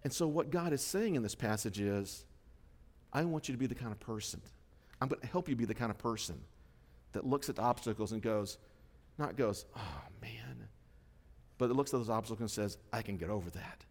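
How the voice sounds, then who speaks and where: A middle-aged man preaching a sermon, lively and conversational, acting out the voices he quotes. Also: mid-range voice, fairly quick. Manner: animated storytelling, acts out quoted voices. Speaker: pastor. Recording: long hall reverb.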